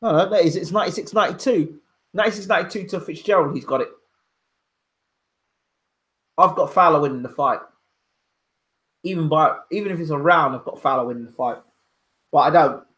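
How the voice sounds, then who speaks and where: A man's voice: fairly high pitch, brisk, pauses often, fairly bright tone. Opinionated man giving fight commentary. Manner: opinionated, emphatic, repeats his points. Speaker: boxing pundit and channel host. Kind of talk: casual live fight commentary. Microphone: home microphone, audio only.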